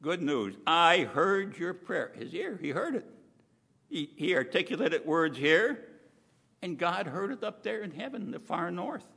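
A man preaching a sermon in a chatty, emphatic way, full of asides and slowed-down stressed words. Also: high-pitched, very animated, creaky, fairly bright tone, breathy edge. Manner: conversational preaching with frequent asides. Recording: long hall reverb.

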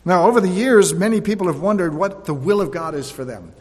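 A man's voice: fairly high pitch, expressive, a little fast, few pauses, husky. A man preaching a sermon, reading verses aloud and then explaining them in plain conversational asides. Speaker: pastor. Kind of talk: sermon, scripture reading with commentary. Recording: echoey hall with long reverb.

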